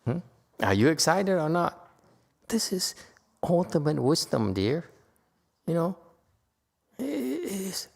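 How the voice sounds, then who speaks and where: A man giving a Buddhist dharma lecture in a temple hall, playful and teasing, jumping from loud emphatic lines to quiet asides. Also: a little high, creaky. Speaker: Buddhist teacher.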